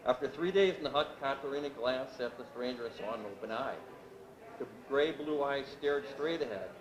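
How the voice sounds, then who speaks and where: A man reading his novel aloud at a literary event, with steady, measured narration. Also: mid-range voice, a crowd in the background. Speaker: author reading his work. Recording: echoey room with background noise.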